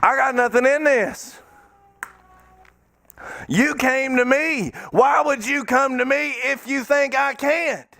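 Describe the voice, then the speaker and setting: Man, pastor, sermon, high voice, gravelly, dry close sound, fervent and folksy. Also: takes it slowly, long pauses, no echo. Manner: fervent preaching, bursts of shouting; colloquial, folksy phrasing. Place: church sanctuary.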